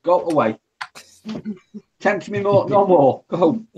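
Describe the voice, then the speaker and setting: A man chatting on a live online hangout, animated and quick with banter. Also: sits high, dull audio, noisy background. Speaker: regular guest on a live hangout. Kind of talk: casual chat.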